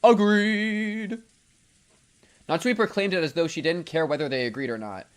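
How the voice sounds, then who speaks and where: A young man streaming a visual novel, reading the narration aloud and breaking off with slangy, excitable jokes. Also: fairly high pitch, fast.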